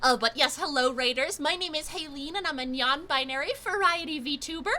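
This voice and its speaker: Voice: high voice, fairly quick, sharp tone. A young adult streamer chatting live with viewers while playing a game, effusive and talkative.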